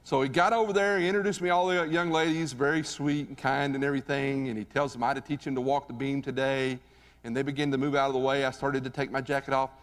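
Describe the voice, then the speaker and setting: A man giving a live motivational speech on stage, telling a story in an animated, conversational way and asking the audience questions. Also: medium pitch, fast. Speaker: motivational keynote speaker. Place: stage in a large hall. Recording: reverberant hall recording.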